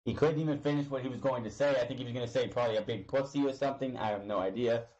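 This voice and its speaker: Male reviewer, casual talk, mid pitch, rambling retelling. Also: rapid-fire, darkish tone, lo-fi sound. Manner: rambling, retells promos with quoted lines. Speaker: wrestling show reviewer. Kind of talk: casual recap commentary.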